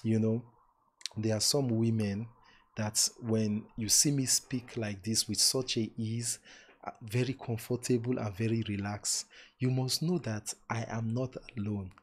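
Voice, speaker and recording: Emphatic low-voiced man on a livestream. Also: steady tone, measured pace, slightly rough. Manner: warm, emphatic, repeats words for stress; preacher-like blessings and exhortations. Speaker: relationship talk host. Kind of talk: live-stream talk to online viewers.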